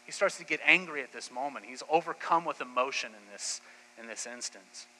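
Male pastor, sermon delivery, bright forceful tone, animated casual storytelling; echoey hall, faint hum. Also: medium pitch, a little fast. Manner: lively storytelling retelling scripture in casual speech.

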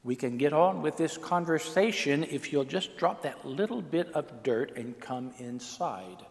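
A man voicing God as a distinguished, genial figure in a rich, unhurried tone, recorded in a long-reverb hall. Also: a little high, lively intonation, vocal fry. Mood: coaxing.

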